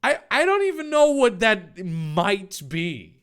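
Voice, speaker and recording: A man reads a story aloud with mocking, sarcastic commentary, stumbling over the words. His pitch sits fairly high and moves a lot, and he takes his time. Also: big pitch swings, takes it slowly, a bit bright, clear, resonant tone. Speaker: channel host reading a fan fiction aloud. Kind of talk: comedic read-through with sarcastic asides.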